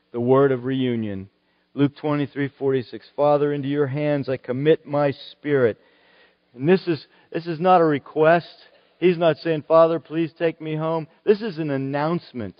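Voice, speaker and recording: A man's voice: fairly high pitch, no room sound. Earnest male preacher, muffled recording. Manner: earnest, rising to emphatic declarations. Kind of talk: sermon.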